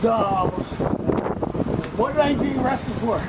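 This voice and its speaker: A distressed man being arrested outdoors, shouting, pleading and struggling to breathe, recorded on an officer's body camera. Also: very high-pitched, slow. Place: outdoors at a traffic stop. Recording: bodycam audio with loud street noise.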